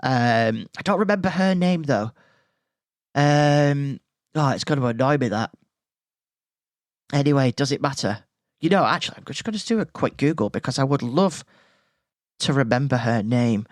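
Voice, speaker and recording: A man's voice: mid-range voice, lively intonation, moderate pace, long pauses, no echo, studio quality. A man hosting a podcast, telling a school story in a casual, rambling way full of tangents. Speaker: podcast host.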